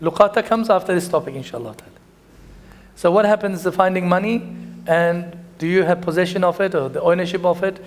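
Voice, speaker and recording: A man with a notably high voice delivers a religious lesson to a congregation. He tells anecdotes in a conversational way, slipping in Arabic phrases, and ends in prayer. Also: a little fast, slight background noise. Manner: storytelling with Arabic phrases and dua. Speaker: imam.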